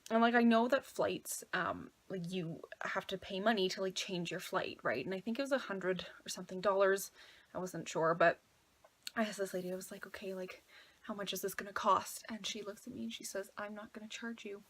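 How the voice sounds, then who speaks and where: A woman's voice: medium pitch, brisk. A young woman in her twenties, chatty and filling her talk with "like", casually retelling a travel mishap as a vlogger. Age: 20s. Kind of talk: casual storytelling.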